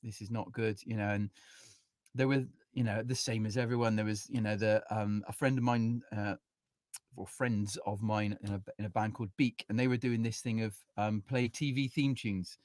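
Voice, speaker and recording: A man's voice: fairly low pitch, fairly even intonation, moderate pace, darkish tone, no room sound. Rambling man, dry close sound. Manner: rambling, full of "you know", acts out quotes. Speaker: musician and music teacher, guest. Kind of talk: casual interview chat.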